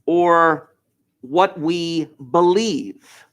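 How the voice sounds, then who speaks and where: A middle-aged man from New Jersey, a high school math teacher giving a classroom lecture full of chatty, enthusiastic asides. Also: very slow, a bit bright.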